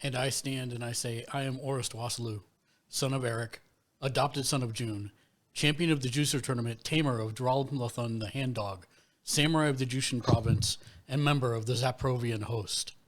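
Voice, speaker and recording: A man's voice: mid-range voice, fairly even intonation, moderate pace. A man playing a tabletop game, speaking in character with grand, formal declarations. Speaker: player. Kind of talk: in-character roleplay speech.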